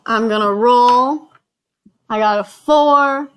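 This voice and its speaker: A woman with a slightly high voice hosts a casual board game session. She reads out each card, counts the spaces aloud and drops in chatty asides between rolls. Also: slow, a bit bright, a little hiss or hum. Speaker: host.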